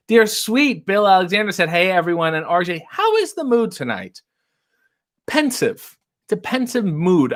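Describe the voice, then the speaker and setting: A man's voice: on the high side, a bit bright. Playful, theatrical man hosting a livestream. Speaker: livestream host. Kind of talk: casual chat reading live comments. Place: home set with ring light. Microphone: desk microphone.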